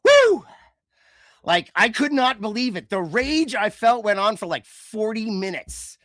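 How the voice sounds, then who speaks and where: A man co-hosting a podcast in casual chat, ranting in an animated, sarcastic way. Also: high voice, moderate pace, no echo, clean studio sound. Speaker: podcast co-host.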